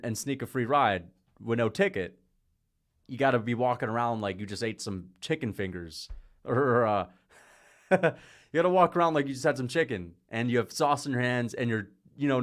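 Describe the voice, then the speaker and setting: Rambling male livestream host. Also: medium pitch. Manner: rambling, jumps between topics; gets excited and louder at big moments. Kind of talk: casual livestream chat with fight commentary.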